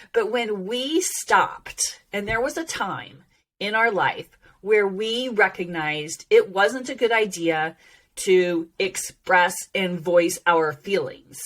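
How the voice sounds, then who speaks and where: A woman hosting a podcast, talking in an animated, expressive way in a casual monologue and laughing often. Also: mid-range voice. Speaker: host teaching about voice and emotion.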